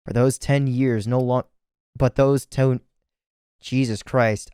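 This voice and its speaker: A man's voice: medium pitch, steady tone, takes it slowly, warm tone, smooth, dry recording, clean studio sound. A tired man reading a video game's story aloud, stumbling over words and correcting himself with casual asides. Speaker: let's play narrator.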